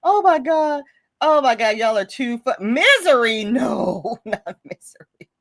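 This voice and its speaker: Chatty female livestream host, bubbly, laughs a lot, high voice that jumps around. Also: a little slow. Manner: chatty, laughing often, animated with viewers. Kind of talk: casual livestream chat reading comments.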